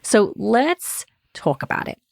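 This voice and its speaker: A woman's voice: a little high, sing-song, slow, creaky, no echo, studio quality. A woman therapist hosting a podcast, explaining in a conversational way and often checking in with the listener. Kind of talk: podcast talk.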